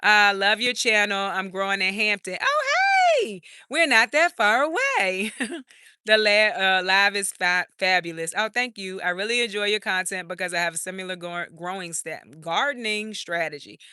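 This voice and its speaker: Lady rambling on a live garden tour, bright smooth voice, dry sound. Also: medium pitch, normal speed, dry recording. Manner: chatty, laughs often, talks to viewers as y'all. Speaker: garden channel host doing a live stream. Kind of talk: casual live-stream chat reading viewer comments. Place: outdoor urban garden.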